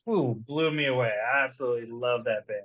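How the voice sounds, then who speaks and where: Man, slight Southern accent, mid pitch, rambling and enthusiastic, dull lo-fi sound. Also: fast talker, fairly bright tone. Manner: rambling, repeats words, enthusiastic. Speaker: guest author. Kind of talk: casual chat.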